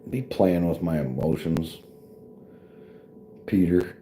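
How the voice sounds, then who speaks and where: A man's voice: low-pitched, slow, pauses often, mellow, slight background noise. A man with a wife and kids chatting casually to his stream viewers, rambling and swearing, laughing often. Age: adult with wife and kids. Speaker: vlogger and livestreamer talking to viewers. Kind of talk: casual chat.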